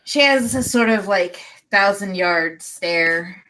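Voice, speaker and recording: A woman game master giving unhurried scene descriptions, with fillers between phrases. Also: medium pitch, background noise.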